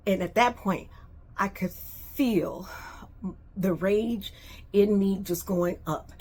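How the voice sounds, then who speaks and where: A woman's voice: mid-range voice, slow, long pauses, a little mellow. A middle-aged woman vlogger emphatically retelling a personal family story.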